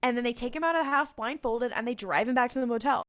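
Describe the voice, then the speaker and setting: A woman's voice: on the high side, fast, fairly bright tone. A woman co-hosting a podcast, recapping a TV episode in a rambling, casual way with lots of fillers and frequent laughter. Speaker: podcast co-host.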